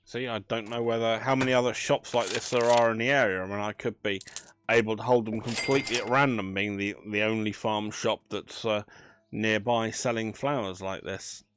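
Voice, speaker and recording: A man's voice: lowish voice, fairly even intonation, moderate pace, background noise. Chatty man commentating a game. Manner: chatty, thinking aloud with dry banter. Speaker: gaming channel host. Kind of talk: casual let's play commentary.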